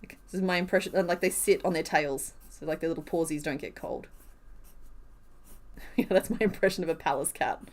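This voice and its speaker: A woman's voice: sits low, a little fast, a little mellow. A woman live-streaming as she crochets, chatting casually and rambling with frequent giggles and fillers.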